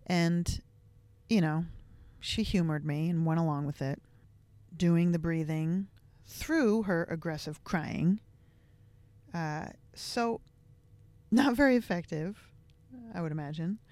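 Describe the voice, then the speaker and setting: A woman's voice: on the low side, a little mellow, no echo. A woman hosting a podcast, telling a personal family story in a candid, reflective way with many casual fillers. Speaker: podcast host.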